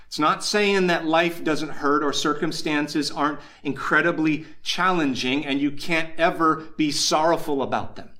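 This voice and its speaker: A man delivers a Sunday sermon in a fairly high voice. He preaches earnestly, leaning on repeated phrases and drawing out the words he wants to stress. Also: unhurried, hardly any pauses, sharp tone. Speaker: pastor.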